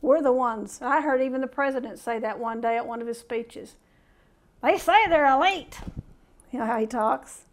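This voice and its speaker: A woman's voice: fairly high pitch, steady tone, a little fast, hardly any pauses. A middle-aged woman preaching a conversational sermon, reading scripture aloud and asking the listeners questions.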